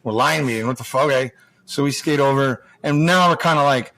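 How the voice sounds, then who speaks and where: A middle-aged former hockey player, appearing as a podcast guest, tells profane locker-room stories in a lively, casual chat. His mid-range voice moves briskly, and he keeps restarting his sentences.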